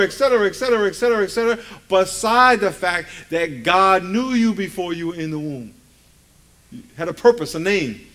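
A male pastor preaching a sermon, emphatic and conversational, leading the congregation in call-and-response and dropping folksy asides. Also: high-pitched.

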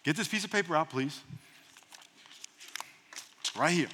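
A man preaching a sermon as a pastor, lively and humorous, leading the congregation in call-and-response. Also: fairly high pitch, unhurried, big-room sound, a little hiss or hum.

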